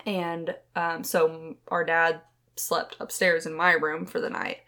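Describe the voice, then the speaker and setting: Speaking slowly in a low, flat, creaky voice that sounds pushed and bright, a young woman co-hosts a podcast. She tells ghost stories close to the microphone in a chatty, rambling style heavy with fillers.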